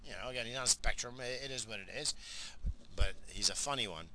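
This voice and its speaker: A man's voice: mid-range voice, quick pace, background noise. A middle-aged man telling a rambling, profane story about his family in a casual vlog. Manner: rambling, profane, lots of fillers. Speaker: vlogger, father.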